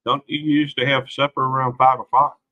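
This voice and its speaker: A man's voice: medium pitch, level tone, brisk, muffled recording. A man hosting a casual late-night livestream, rambling in a folksy way and greeting viewers by name. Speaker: livestream host.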